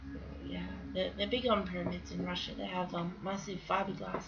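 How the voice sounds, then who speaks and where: A woman artist commentating casually while she draws, rambling with fillers, restarts and frequent laughs. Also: on the low side. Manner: chatty, laughs often, many fillers and restarts. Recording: dull lo-fi sound with music behind. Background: music.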